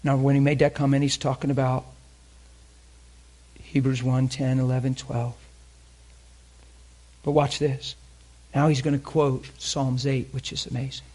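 Pausing often at a measured pace, this male preacher has a medium pitch and a flat delivery. Still, his sermon is fervent and emotional, full of questions to the congregation and swings from loud emphasis to hushed near-whispers.

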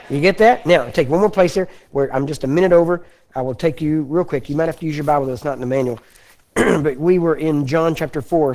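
Folksy preacher from Texas. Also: male voice, on the high side, darkish tone. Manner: folksy, asks the audience "Amen? You understand?"; clears his throat often. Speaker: preacher teaching a class. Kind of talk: sermon teaching.

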